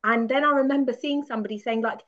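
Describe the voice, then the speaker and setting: A woman guest from the UK telling a candid story with animated, laughing self-mockery. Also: a little high, fast. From United Kingdom. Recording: dull lo-fi sound.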